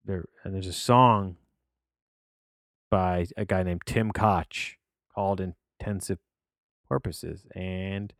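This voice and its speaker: A man's voice: low voice, fairly even intonation, slow, gravelly, pauses often, dry recording, clean studio sound. A man hosting a podcast, rambling through a casual film review with many restarts and fillers. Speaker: podcast host reviewing films.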